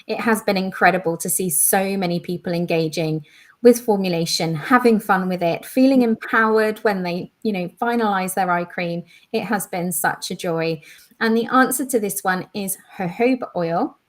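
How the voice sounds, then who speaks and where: A woman's voice: mid-range voice, normal speed. A woman co-hosting a live online quiz, explaining in a chatty way with lots of "you know" and "sort of". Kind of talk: casual live-stream chat.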